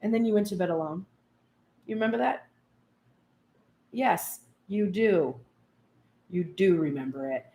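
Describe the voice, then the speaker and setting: A woman's voice: lowish voice, measured pace, long pauses, dark tone, roomy sound. A woman giving a casual tarot reading, chatty and self-mocking, swearing freely and acting out what people say. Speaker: tarot reader.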